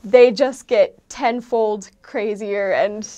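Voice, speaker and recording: A woman vlogger, not from Norway and an outsider to the country she describes, explains its dialects in a casual, meandering chat full of ums and loose asides. Her mid-range voice is slow, warm and steady, and the highs are cut off.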